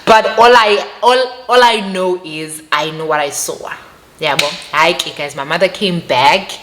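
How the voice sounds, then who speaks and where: A woman's voice: on the low side, a little slow, noisy background. A young woman with a South African accent telling a personal story to her viewers, emphatic and repetitive as she talks straight to them. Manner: animated, emphatic, repeats phrases, addresses viewers directly. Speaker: vlogger.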